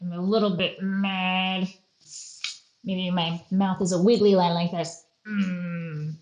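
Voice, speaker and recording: A woman's voice: lowish voice, little pitch movement, a little slow, darkish tone, roomy sound, muffled recording. A woman leading a playful art lesson for children, acting out faces and little voices as she goes. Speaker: museum educator.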